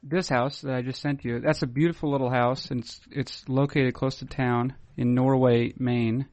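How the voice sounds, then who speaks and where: A man's voice: mid-range voice, level tone, moderate pace, a little mellow, dry recording, muffled recording. A man hosting a podcast, wordy and mock-formal in a playful, casual way. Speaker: podcast host.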